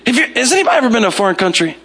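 A man from the United States preaching a storytelling sermon with a high, bright, forceful voice. He keeps it animated and self-mocking, stumbling over repeated words as he starts his sentences. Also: rapid-fire. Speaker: pastor.

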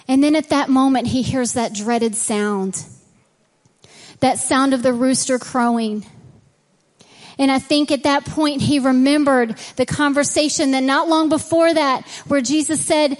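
A woman's voice: high-pitched, measured pace, long reverb tail. A woman preaching a sermon in a church, reading scripture and praying, earnest and conversational. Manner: earnest and conversational, acting out quoted dialogue. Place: church sanctuary.

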